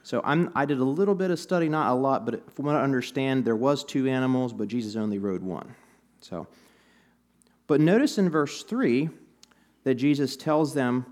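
A man's voice: mid-range voice, animated, normal speed, darkish tone. A man preaching a sermon in a conversational, storytelling way, with bits of humor, to a church audience. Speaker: pastor.

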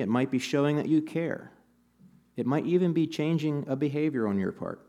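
Guy preaching in church, chatty sermon with jokes and stories, middle pitch. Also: moderate pace, dark tone. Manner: conversational, storytelling with humor. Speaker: pastor.

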